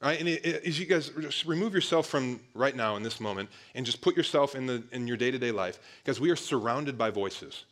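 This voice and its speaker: A man's voice: mid-range voice, expressive, brisk, few pauses, a bit bright. A man preaching a casual sermon to a young audience, talking conversationally, often calling listeners "guys" and restarting phrases.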